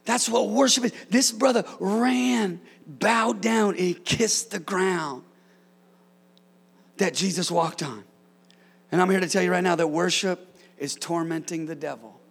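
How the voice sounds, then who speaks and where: A man preaching an energetic sermon to a congregation, joking with them and shouting out commands. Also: high-pitched, measured pace, gravelly, pauses often, slightly rough.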